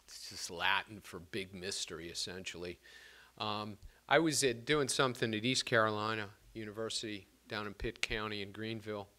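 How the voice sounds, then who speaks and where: A male poet giving a public reading of his work, measured and expressive, with casual asides between pieces. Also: on the low side. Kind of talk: literary reading to an audience.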